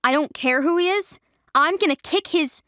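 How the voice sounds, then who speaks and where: A woman voicing a fiercely loyal young best friend who is quick to anger, in a dry audio drama reading. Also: high-pitched, lively intonation, no echo, pitched above the performer's own voice. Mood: angry. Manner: indignant, raised and quick to anger.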